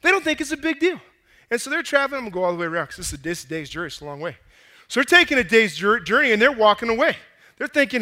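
A man preaching a sermon as an animated, playful storyteller. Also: very high voice, very fast. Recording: long echoey hall reverb.

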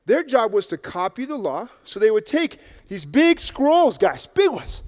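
Man, very high voice, lively children's sermon, playful, long hall reverb. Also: unhurried. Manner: energetic, playful, acts out the story. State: out of breath. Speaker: children's preacher. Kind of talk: animated Bible story for kids. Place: church hall with an audience.

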